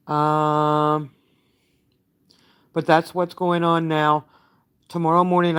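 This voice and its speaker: Older woman, live-stream update, halting and tired, even pitch, clear voice. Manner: halting, with many fillers, greeting viewers as she talks. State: emotionally worn out. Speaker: caregiver giving a live update.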